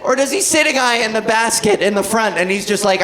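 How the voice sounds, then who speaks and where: A woman's voice: a little high, expressive, a little fast, hardly any pauses. A woman in her thirties performing a stand-up comedy set on a club stage, telling rambling, playful stories. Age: 30s. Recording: noisy club with laughing crowd.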